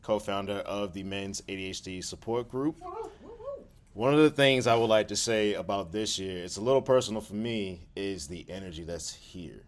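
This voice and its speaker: A man with a fairly low voice speaks with earnest, emphatic feeling. His talk is a heartfelt casual reflection, shared with a group gathered in a room. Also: moderate pace. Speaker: support group co-founder.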